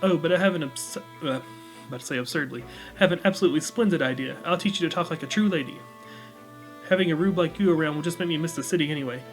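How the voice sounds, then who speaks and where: A man putting on a pompous, high-pitched city dandy. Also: quick pace, faint music behind, close to an everyday voice, poor audio. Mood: haughty, meddling. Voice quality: pompous, affected, theatrical. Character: vain, fussy city-bred man.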